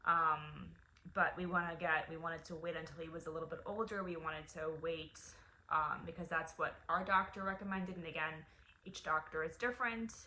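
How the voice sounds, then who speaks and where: A young adult woman, a mother, talking through a personal update vlog in an emotional, halting way with many restarts and fillers. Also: deep voice, steady tone, pushed and bright, roomy sound, a little hiss or hum. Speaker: vlogger and mother.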